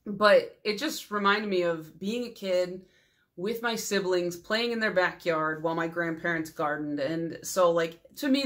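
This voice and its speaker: A young adult woman vlogging about her nail polish collection in a casual, rambling chat full of fillers and sentimental asides. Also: lowish voice. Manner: chatty and rambling, many fillers; warm, sentimental storytelling.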